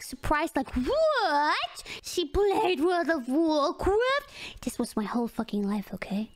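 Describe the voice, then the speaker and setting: A woman streamer with a very high voice that leaps up and down as she chats through a game. She talks unhurriedly, laughs a lot and swears casually. Game music plays behind her. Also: a bit bright. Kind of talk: gaming livestream commentary.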